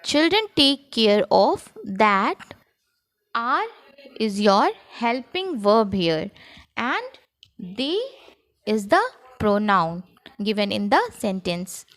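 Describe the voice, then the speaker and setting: A woman teacher with an Indian English accent, talking children through a grammar lesson in a slow classroom manner. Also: mid-range voice, big pitch swings, fairly bright tone, no room sound. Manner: slow, sing-song classroom delivery. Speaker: school teacher.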